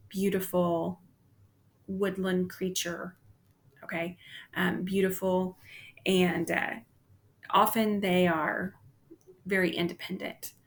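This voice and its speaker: A woman teacher giving a casual literature lecture, with frequent "um"s and "okay?" check-ins to the class. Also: on the low side.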